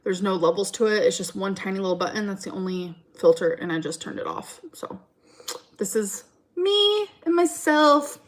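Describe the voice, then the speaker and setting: A woman's voice: medium pitch, expressive, moderate pace. A woman streaming from home, chatting casually and rambling through a story time while answering her chat.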